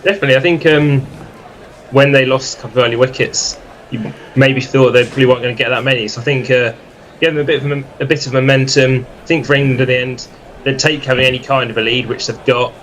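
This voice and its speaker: A man giving quick cricket analysis as co-commentator. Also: medium pitch, fairly even intonation, fairly bright tone, slight background noise, rough recording.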